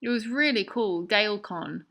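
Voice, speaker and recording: A woman's voice: medium pitch, expressive, normal speed, bright, forceful tone. A woman who made the documentary, chatting and joking through its audio commentary. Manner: chatty, laughing, self-deprecating. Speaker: documentary filmmaker.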